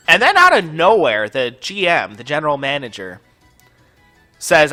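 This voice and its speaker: A man's voice: fairly high pitch, very animated, normal speed, pushed and bright, soft background music. A man hosting a gaming channel, telling a long personal story over gameplay in a casual, profane, ranting way full of filler words.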